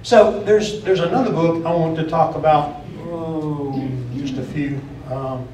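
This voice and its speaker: A man's voice: on the high side, steady tone, a little slow, a little mellow, slight background noise. A man preaching a sermon in a church, plainspoken, often repeating and restarting phrases. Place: church auditorium. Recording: echoey room from far off.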